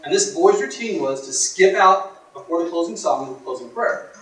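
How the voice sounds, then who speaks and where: A man giving a motivational workshop talk, telling stories in a dramatic, emphatic way that swings from hushed to loud. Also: high voice, expressive, moderate pace. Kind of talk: storytelling speech to a live audience. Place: workshop room. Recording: echoey room from far off.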